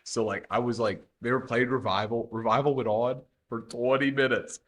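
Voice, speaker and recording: A man's voice: medium pitch, steady tone, normal speed. Laid-back young man who laughs easily. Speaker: podcast co-host. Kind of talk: casual sports chat.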